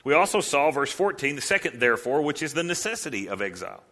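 A male pastor preaching a sermon with an animated style, asking rhetorical questions and acting out the voices in the stories he tells. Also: a little high, fast talker.

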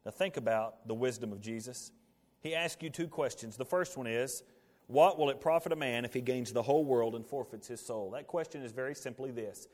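A male pastor preaching a sermon, building to emphatic peaks and then dropping to quiet asides. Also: mid-range voice, brisk. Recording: long hall reverb.

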